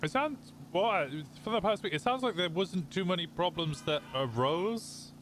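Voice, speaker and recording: A man's voice: high voice, normal speed, a bit bright, a little hiss or hum. A British man streaming a roleplay game, chatting casually in character, laughing easily and trailing off into restarts.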